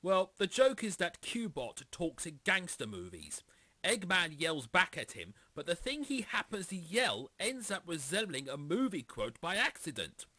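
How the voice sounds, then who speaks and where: A man in comedic video review commentary, calmly explaining and defending the game's jokes. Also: high voice, measured pace, dry recording. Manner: calm, explaining, defending the game.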